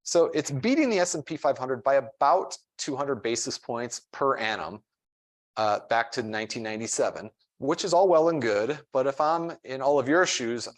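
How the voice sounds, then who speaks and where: A man's voice: mid-range voice, animated, normal speed. Man explaining fund statistics at a seminar. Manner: explanatory, plain-spoken, with fillers. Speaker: financial advisor presenting a fund. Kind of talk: seminar presentation.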